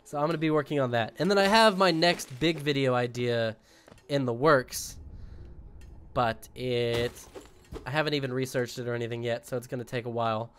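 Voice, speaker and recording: A man's voice: mid-range voice, moderate pace, fairly bright tone, a little hiss or hum. A man chatting casually to his viewers while streaming a game, joking and rambling. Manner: jokey, rambling, talks to chat while playing. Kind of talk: casual gaming stream chat.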